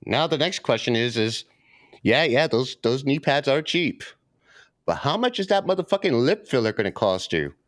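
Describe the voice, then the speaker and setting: A man co-hosting a trading live stream, ranting brashly and swearing freely as he pitches to viewers. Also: sing-song, normal speed, no echo, clean studio sound. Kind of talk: casual live-stream chat.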